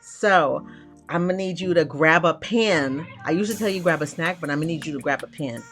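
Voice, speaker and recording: A woman's voice: low voice, a little fast, fairly bright tone, faint music behind. A woman hosting a live stream, chatty and bubbly, who greets viewers with casual slang. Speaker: livestream host and brand coach. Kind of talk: upbeat live-stream chat.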